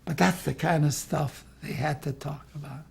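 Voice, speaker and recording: Gravelly older man reminiscing. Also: on the high side, fairly even intonation, normal speed. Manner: rambling storyteller, keeps saying "see". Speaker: former art school president. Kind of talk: archival oral history interview.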